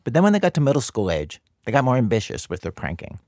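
A man's voice: mid-range voice, huge pitch swings, fast, darkish tone, no echo. A man hosting a public radio story program, in scripted narration with a conversational, dry delivery. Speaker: radio show host.

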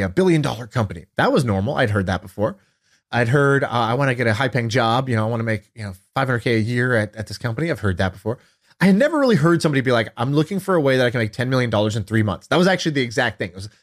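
Casting: man in his thirties, podcast co-host, lively storyteller, mid-pitched. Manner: animated storytelling, acts out quoted voices. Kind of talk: casual chat.

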